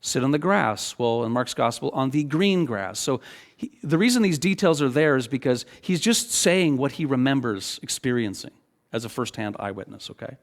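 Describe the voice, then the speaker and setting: A middle-aged man preaching a sermon as pastor, talking in a loose, animated, conversational way and often checking in with "okay?". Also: mid-range voice, moderate pace.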